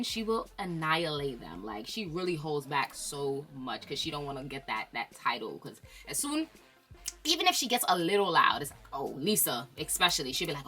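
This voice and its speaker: A young woman with a low, bright, forceful voice, dishing casually on reality TV. She's opinionated and animated, laughing often. Faint music plays behind her. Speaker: YouTube host.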